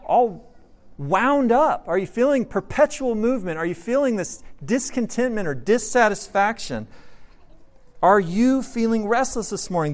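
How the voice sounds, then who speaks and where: A man preaching a sermon as a pastor, earnest, moving from soft, slow passages to emphatic ones. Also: high-pitched. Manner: earnest, with dramatic swings between soft and emphatic.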